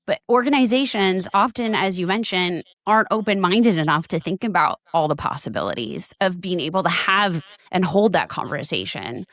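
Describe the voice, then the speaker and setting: A woman hosts a podcast in a rambling, enthusiastic way, with plenty of fillers. Her voice is a little lower than most women's. The sound is dry and close to the mic. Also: lively intonation, normal speed, hardly any pauses, fairly bright tone, no echo. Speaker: podcast host. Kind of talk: casual podcast conversation.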